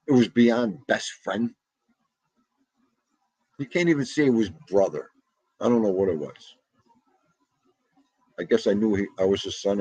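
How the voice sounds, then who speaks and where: There's no room sound behind this middle-aged man, whose voice is lowish and darkish with a breathy edge. He's a livestream host having a casual, laughing chat with viewers and talking back to their comments.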